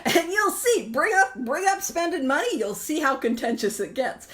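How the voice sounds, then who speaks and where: A woman's voice: high-pitched, animated, normal speed, fairly bright tone. A woman in her thirties hosting a recovery book study, talking casually, laughing often and poking fun at herself. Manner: chatty, self-mocking, laughs often. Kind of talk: casual teaching talk.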